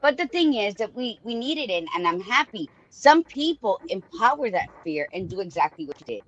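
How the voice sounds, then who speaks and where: A woman's voice: mid-range voice, very animated, fairly quick, muffled recording. A woman co-hosting a podcast, chatting casually in a blunt, joking way. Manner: blunt, joking, uses cliches. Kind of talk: casual chat.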